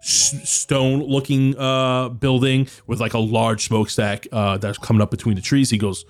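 A man's voice: mid-range voice, flat delivery, moderate pace, hardly any pauses. A man narrating a tabletop role-playing game as dungeon master, chatty and loose with many fillers.

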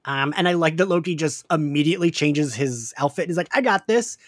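Animated, laughing man with a Philly accent. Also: a little high, fairly quick, no echo, clean studio sound. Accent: Philadelphia. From Philadelphia area, US. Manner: animated, laughs often, casual swearing. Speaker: podcast co-host. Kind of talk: casual chat, recapping a show.

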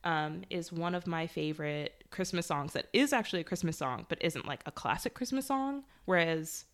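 A woman's voice: lowish voice, animated, normal speed. A woman co-hosting a podcast in casual chat, breezy and joking, swearing casually. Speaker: podcast co-host.

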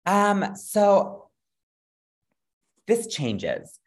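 A man's voice: high voice, wildly swooping pitch, very slow. A man from Madison, Wisconsin, a drag performer chatting as an interview guest, gushing and campy with lots of playful slang. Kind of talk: casual interview chat.

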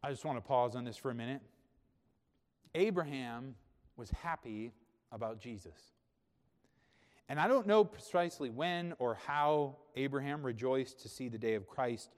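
A man's voice: medium pitch, normal speed, pauses often. A pastor delivering a sermon, a man with a mid-range voice who talks through the passage plainly and then swells into emphatic, raised emphasis. His words ring out with a long reverb, as if filling a church sanctuary. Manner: conversational, emphatic preaching that swells to loud peaks. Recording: reverberant hall.

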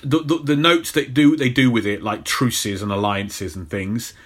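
A man's voice: medium pitch, steady tone, normal speed. Rambling man chatting about films. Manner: rambling, jokey, many restarts. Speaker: podcast co-host. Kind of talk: casual film chat.

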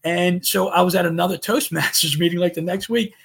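A man telling an animated personal story as a podcast guest, voicing his own past thoughts as he goes. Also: high-pitched, brisk, creaky, breathy edge.

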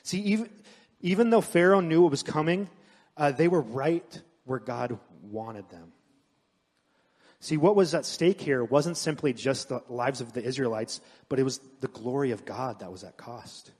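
A man preaching a sermon, mixing scripture with animated personal stories. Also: medium pitch, moderate pace, breathy edge. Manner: storytelling, animated asides. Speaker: pastor. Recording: long hall reverb.

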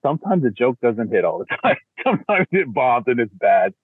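A middle-aged man talks as a podcast guest, his voice thin and boxed-in as if coming through a phone line. He is animated and laughs easily, jumping into playful voices to act things out. The sound is dry, with no room around it. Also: medium pitch, a little fast, breathy edge, no echo. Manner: animated, laughs often, acts out quotes in voices. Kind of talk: casual chat.

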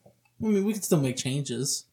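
A man's voice: on the high side, expressive, measured pace, a little mellow. A man co-hosting a casual podcast, easygoing, mostly chiming in with short agreement. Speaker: podcast co-host. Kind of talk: casual chat.

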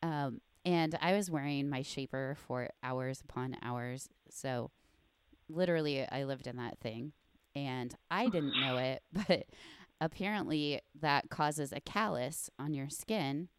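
Low clear-voiced woman host chatting easy, laughs a lot, dry close sound. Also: a little slow. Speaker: podcast host, bodybuilding coach. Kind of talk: casual podcast chat.

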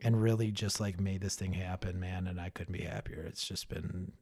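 A man's voice: sits low, fairly even intonation, moderate pace, a little mellow. A man in his thirties chatting casually as a podcast guest, loose and profane, full of fillers and restarts. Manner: laid-back, heavy swearing, lots of fillers. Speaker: brewery owner guest.

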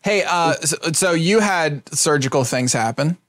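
A man in a casual chat, asking quick questions and throwing in crude, joking banter. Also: fairly high pitch, lively intonation, fairly bright tone.

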